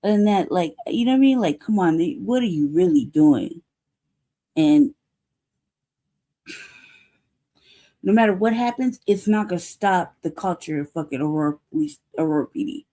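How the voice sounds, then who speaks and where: A woman's voice: fairly low pitch, lively intonation, moderate pace, long pauses, dark tone. Heated, profane American woman ranting. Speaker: show host. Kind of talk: ranting commentary.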